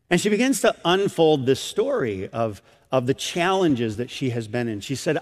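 A man's voice: on the high side, a little fast, few pauses. A middle-aged man preaching a sermon, telling a story and acting out the voices of the people in it. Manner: animated storytelling, acts out voices. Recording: long hall reverb.

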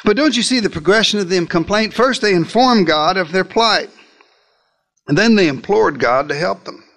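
High-voiced theatrical male preacher. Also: animated, moderate pace, gravelly, a bit bright. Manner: theatrical, with wide swings in pitch and pace. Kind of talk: dramatic first-person sermon storytelling.

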